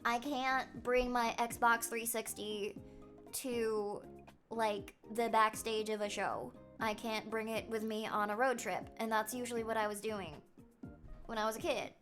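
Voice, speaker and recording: A young woman with a bright, high voice and a faint Canadian accent chats with her live-stream audience. She giggles often and jumps quickly from one thought to the next. Soft music plays quietly in the background. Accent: light Canadian. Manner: lively, giggly, chatty, reacts to chat. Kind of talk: casual live-stream chat.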